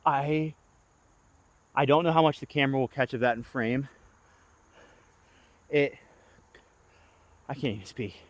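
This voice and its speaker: On an outdoor disc golf course, a young man narrates each of his own throws at medium pitch, a little slowly and with frequent pauses, with no echo. Chirping insects fill the background as his commentary moves from hyped pleading to groaning.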